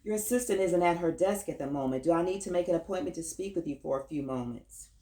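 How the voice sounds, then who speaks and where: A cocky, smooth-talking male doctor in his thirties, self-assured and flirting, as a woman reads him in her own low voice. The voice sits fairly deep and the recording has a roomy echo. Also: fast, dark tone, natural voice. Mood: polite.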